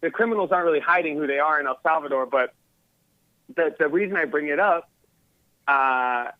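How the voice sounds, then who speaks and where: A man's voice: a little high, fairly quick, no echo, narrow, tinny audio. A male caller on a phone-in show, talking in a casual, rambling way with lots of fillers. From Los Angeles area. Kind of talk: phone-in conversation.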